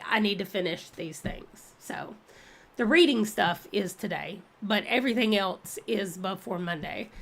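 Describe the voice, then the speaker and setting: A woman's voice: mid-range voice, fairly bright tone. A woman hosting her reading channel, chatting casually and thinking aloud during a readathon livestream. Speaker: book channel host.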